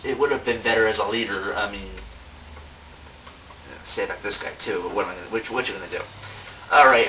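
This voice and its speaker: A man giving a casual, unscripted toy review, rambling with lots of fillers and self-mocking asides. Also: lowish voice. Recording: distant mic, dull sound, faint hiss.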